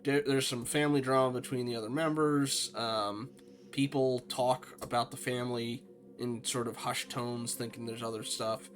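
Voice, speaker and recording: A man's voice: medium pitch, fairly even intonation, moderate pace, soft background music. Chatty man streaming a game. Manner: chatty, self-deprecating asides. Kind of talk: casual gameplay commentary.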